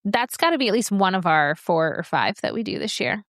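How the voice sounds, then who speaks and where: A woman co-hosts a laid-back podcast, chatting and rambling through quick asides. Her voice sits at an ordinary middle pitch and is recorded close and dry, with no room sound around it. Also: lively intonation, fairly bright tone, dry recording. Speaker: podcast co-host. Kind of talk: casual chat.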